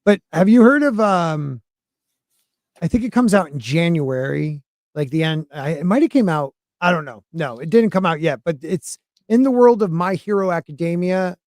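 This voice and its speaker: Man, slightly high voice, dry close sound, hesitant, casual podcast chat. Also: moderate pace, no room sound. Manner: relaxed and hesitant, with stumbling restarts. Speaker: podcast panelist. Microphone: streaming call.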